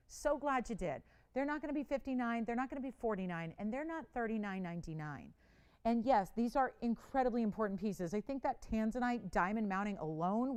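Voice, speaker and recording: A middle-aged woman selling jewelry on live television, talking in a smooth, resonant voice set a little above the usual for a woman. She pushes hard and repeats herself for emphasis. She drops into quiet, confiding asides, then climbs into loud, excited bursts. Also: a little high. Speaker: shopping channel jewelry host. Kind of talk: live sales pitch.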